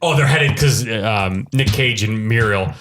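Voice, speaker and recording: A man's voice: on the low side, unhurried, a bit bright. A man co-hosting a podcast who retells a film scene by scene in casual chat, acting out the characters' lines as he goes. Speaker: podcast co-host. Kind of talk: casual movie review chat. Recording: echoey room with light noise.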